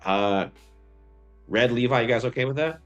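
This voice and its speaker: A man's voice: medium pitch, normal speed, highs cut off, soft background music. A man narrating a tabletop game as game master, rambling with many fillers.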